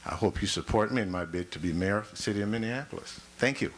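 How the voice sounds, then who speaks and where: A man's voice: fairly low pitch, fast talker, very noisy. A man running for mayor, giving a rousing debate opening statement that builds through repeated phrases. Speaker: mayoral candidate. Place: public forum hall.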